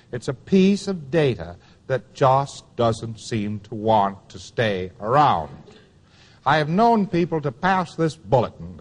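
A man's voice: a little high, long reverb tail. A man giving a taped lecture to students, emphatic and wry, repeating key phrases for weight.

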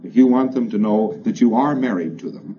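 A man giving a plainspoken, emphatic lecture to a congress, repeating phrases that trail off quieter each time. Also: on the low side, brisk. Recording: dull, hissy old lecture recording.

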